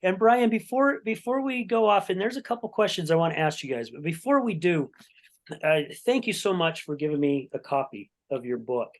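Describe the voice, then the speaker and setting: A man's voice: fairly high pitch, very animated, brisk. A man hosting a podcast interview, talking in a chatty, rambling way with many restarts. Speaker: podcast host. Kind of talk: casual interview chat.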